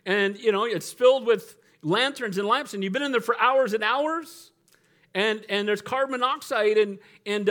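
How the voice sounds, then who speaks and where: This sermon comes from a middle-aged man whose voice is high and fairly bright. He keeps things light and chatty, laughing often and calling for an amen.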